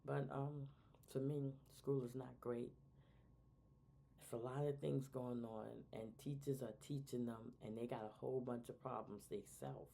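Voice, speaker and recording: Low, gravelly-voiced woman talking casually. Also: measured pace, a little hiss or hum. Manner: animated, quotes people in lively voices. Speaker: podcast co-host. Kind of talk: casual advice talk.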